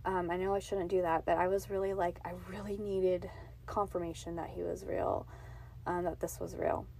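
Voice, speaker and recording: A woman's voice: on the low side, flat delivery, normal speed, gravelly, warm tone, a little hiss or hum. A woman in her thirties hosting her own podcast from a home closet, telling her faith testimony in an earnest, emotional, confiding way. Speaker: podcast host. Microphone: podcast mic on a box.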